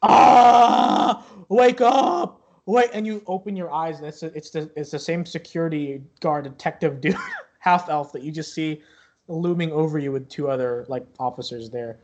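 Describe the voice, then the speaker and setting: A man narrating a tabletop game as game master, in a loose, halting way. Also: a little high, a little mellow, lo-fi sound.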